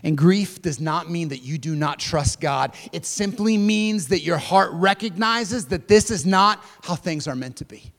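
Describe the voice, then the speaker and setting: In a vast, echoing hall, a male pastor with a high-pitched voice delivers a sermon, addressing his listeners as "friend" and moving from forceful pronouncements to quiet, hushed moments. He's expressive, at a measured pace with hardly any pauses.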